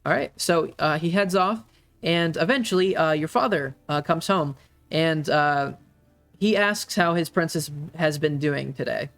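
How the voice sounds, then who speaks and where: A man narrating a tabletop game as game master, halting often with fillers. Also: on the high side, gravelly, fairly bright tone, faint music behind.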